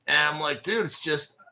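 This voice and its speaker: A man's voice: fairly high pitch, vocal fry, bright, forceful tone. A man in his forties hosting a crypto channel, telling a long rambling story in a casual way, with a lot of swearing and laughter. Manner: profane, rambling, laughs between phrases.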